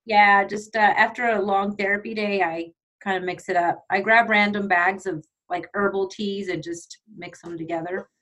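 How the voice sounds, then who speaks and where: A woman from Texas, a speech pathologist, chatting as a podcast guest in a relaxed, friendly way. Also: medium pitch, normal speed, hardly any pauses, poor audio. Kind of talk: casual chat.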